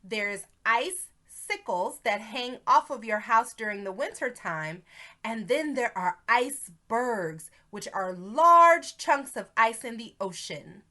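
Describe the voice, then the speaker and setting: A woman teaches a lesson to preschoolers, drawing out her words at an unhurried pace. Her voice is bright and a little high, and it swoops up and down in an exaggerated, encouraging sing-song. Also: lively intonation. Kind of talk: teaching a video lesson to young children.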